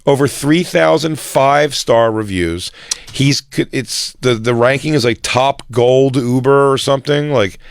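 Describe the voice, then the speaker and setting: A man co-hosting a podcast, telling a story in animated, profane casual chat. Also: mid-range voice, unhurried, no room sound. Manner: animated storyteller, swearing and laughing. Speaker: podcast co-host.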